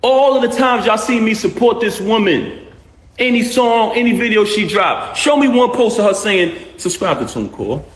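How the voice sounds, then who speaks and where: A man in an interview clip, defending himself in an emphatic, animated way. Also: very high voice, normal speed, reverberant. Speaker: rapper in played interview clip.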